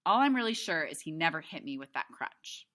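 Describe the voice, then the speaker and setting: A woman teacher reading a novel aloud to her class, expressive, with chatty asides to the students. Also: low-pitched, a little fast.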